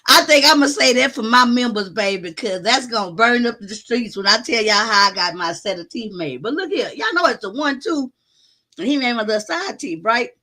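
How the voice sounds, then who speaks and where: A middle-aged woman vlogger, telling a story to her viewers in a loud, profane, animated way with sudden shouts. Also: on the high side, a little fast.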